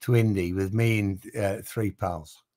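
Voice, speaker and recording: A British man, a racing driver and podcast guest, telling animated anecdotes with casual swearing. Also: on the low side, a little slow. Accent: British English. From Britain. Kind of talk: storytelling in a podcast interview.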